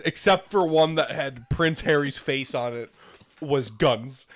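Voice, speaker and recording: A man's voice: mid-range voice, measured pace. A man in casual chat with friends who makes dry, wry, profane remarks.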